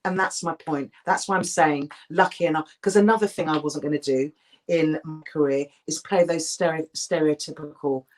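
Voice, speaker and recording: In a candid interview, a middle-aged actress speaks in a low voice at a moderate pace. She sounds emphatic and lively, with many restarts along the way.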